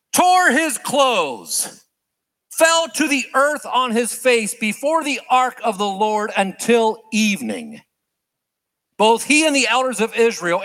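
A man delivers an animated sermon, acting out the prayers he quotes with big swings in pitch and volume.

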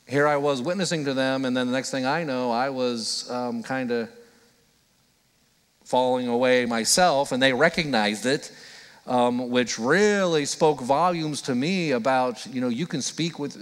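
A male pastor preaching a conversational, earnest sermon, often acting out the voices of people he quotes. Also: mid-range voice. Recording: long hall reverb.

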